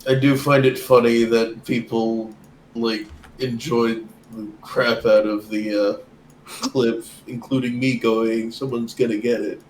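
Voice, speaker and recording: Guy on voice chat, unhurried, chuckles at himself, faint hum behind. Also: medium pitch, flat delivery, rough recording. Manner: slow, laughs at his own slips. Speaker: co-host friend on voice chat. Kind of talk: casual chat.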